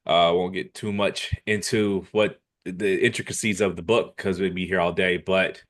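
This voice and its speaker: Blunt laid-back man, low voice. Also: little pitch movement, normal speed, fairly bright tone. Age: adult, jokes about dating himself. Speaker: podcast co-host. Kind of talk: casual chat.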